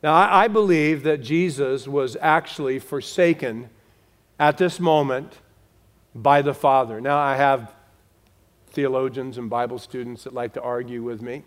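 A man preaching a sermon to his congregation, slowing for emphasis and dropping to a hush on key words. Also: medium pitch. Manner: direct, talks to the congregation. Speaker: pastor.

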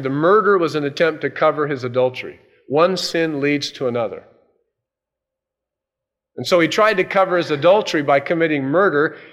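Animated preacher man, slightly high voice. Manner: animated storytelling, dropping to hushed tones for emphasis. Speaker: pastor. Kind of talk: sermon.

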